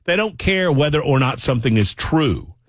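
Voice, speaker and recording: A man's voice: fairly high pitch, animated, normal speed, no echo, clean studio sound. Emphatic talk radio man. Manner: emphatic and sarcastic, addressing listeners directly. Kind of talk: opinionated political talk radio monologue. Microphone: studio microphone.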